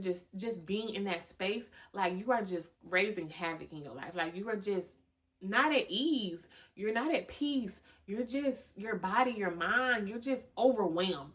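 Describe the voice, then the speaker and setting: A young woman hosting a podcast, giving animated motivational talk full of slang, cussing and laughter. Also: medium pitch. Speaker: podcast host. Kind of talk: motivational casual talk to listeners.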